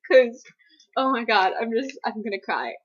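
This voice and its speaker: A woman's voice: a little high, lively intonation, normal speed, highs cut off, slight background noise. A young woman from the US East Coast answering viewer questions in a casual Q&A vlog, rambling with lots of fillers and self-deprecating asides. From East Coast United States. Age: young adult.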